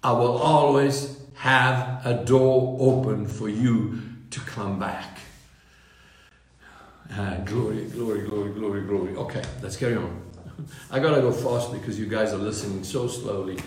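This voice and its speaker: A man's voice: lowish voice, steady tone, unhurried. A man preaching a sermon in a fervent, restless way, often repeating words and restarting his phrases. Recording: very echoey room.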